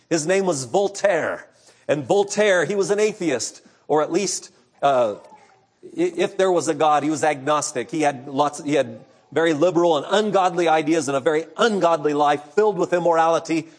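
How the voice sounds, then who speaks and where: A man preaching an evening sermon, earnest, moving between hushed, quiet passages and impassioned outbursts. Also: on the high side.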